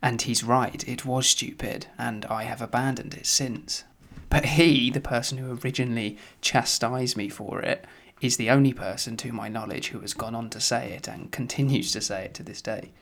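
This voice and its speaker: A man co-hosting a podcast in casual chat, wry and rambling, with a husky voice and a recording that turns muffled at times. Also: medium pitch, steady tone, normal speed, a bit bright. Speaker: podcast co-host. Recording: muffled at times from tech problems.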